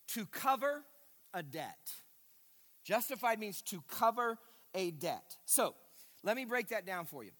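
High, bright-voiced pastor preaching. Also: male voice. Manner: emphatic, repeats key phrases, stammers on restarts; addresses the congregation directly. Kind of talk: sermon. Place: church sanctuary. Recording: long reverb of a large hall.

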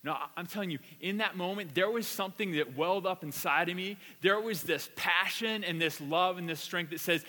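A pastor speaks briskly with few pauses, his high-sitting voice bright and forceful in a big-room sound. Preaching a conversational sermon with a personal story, he tells it casually and animatedly, repeating words.

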